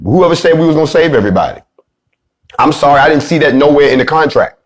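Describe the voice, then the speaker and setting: A man's voice: lively intonation, quick pace. Fiery profane man preaching to listeners. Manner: profane, preacherly, swings from loud to low and grave. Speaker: movement leader giving a speech. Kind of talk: fiery monologue.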